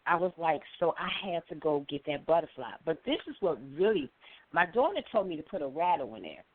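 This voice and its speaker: A middle-aged woman calling in to a show, telling a story with lively acted-out quotes. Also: low voice, brisk. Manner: animated storyteller, acts out quoted voices. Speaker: caller. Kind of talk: call-in storytelling. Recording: phone line.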